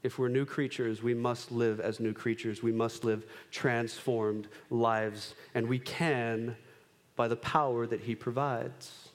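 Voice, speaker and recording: A man in his thirties preaching a sermon, animated, acting out quick voices of kids and himself. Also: medium pitch. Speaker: pastor. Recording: long hall reverb.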